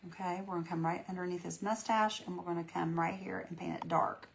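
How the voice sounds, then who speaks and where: A woman's voice: on the low side, steady tone, fast talker, gravelly, a little hiss or hum. A woman hosting a live painting demo, chatting in a folksy, encouraging way with her viewers. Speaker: craft tutorial host.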